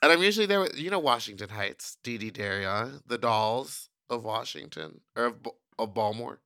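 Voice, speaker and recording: A man co-hosting a podcast, brash and teasing, with loud bursts in casual banter. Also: lowish voice, animated, moderate pace, gravelly, no echo, clean studio sound. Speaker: podcast co-host.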